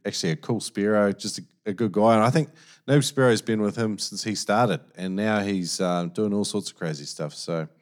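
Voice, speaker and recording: A man hosts a podcast in a casual, earnest chat, often stopping and restarting his sentences. His voice sits fairly low. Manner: halting, lots of restarts and fillers, earnest. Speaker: podcast host.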